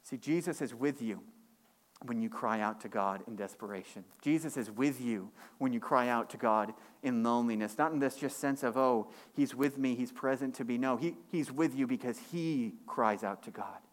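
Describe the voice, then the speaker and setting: A man preaching a sermon as pastor, climbing higher and louder on key points and dropping low and quiet in reflective stretches. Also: moderate pace. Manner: impassioned, rising in pitch and force on key points; drops to a quiet, low delivery for reflective passages.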